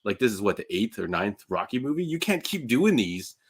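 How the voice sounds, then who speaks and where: A man co-hosting a casual live podcast, talking in a relaxed, joking, rambling way. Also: fairly low pitch, fairly quick, husky. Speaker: podcast co-host. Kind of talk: casual chat.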